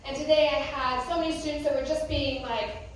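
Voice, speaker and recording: A woman's voice: sits high, fairly even intonation, brisk, a little hiss or hum. A young American woman, a youth pastor, giving a casual, conversational talk with many fillers. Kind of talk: youth sermon. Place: church youth room. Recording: echoey room, from a distance.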